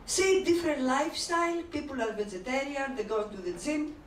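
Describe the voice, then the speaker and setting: A woman's voice: high voice, lively intonation, a little fast. Woman doing stand-up, laughs at own jokes, heard from a distance, noisy hiss. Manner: broken English, bawdy, laughs at own jokes. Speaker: stand-up comedian. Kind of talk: open-mic stand-up comedy. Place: comedy club stage. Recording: echoey club, mic from a distance, hissy.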